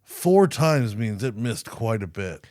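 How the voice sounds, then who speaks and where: A man's voice: lowish voice, takes it slowly, no echo, clean studio sound. A man co-hosting a podcast, telling a news story in casual, profane, joking chat. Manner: profane, animated storytelling with mock voices. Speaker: podcast co-host.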